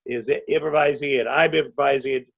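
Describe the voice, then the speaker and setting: A man guesting on a podcast, telling a rambling, self-interrupting anecdote and breaking into loud acted quotes. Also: mid-range voice, fairly even intonation, brisk. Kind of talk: anecdotal storytelling.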